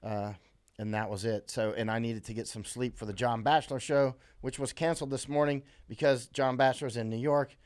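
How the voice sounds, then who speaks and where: A man's voice: medium pitch, steady tone, brisk, a little mellow. American man rambling on a live stream. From USA. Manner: rambling, with many fillers and restarts, reads comments aloud. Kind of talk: casual live-stream chat reading viewer comments.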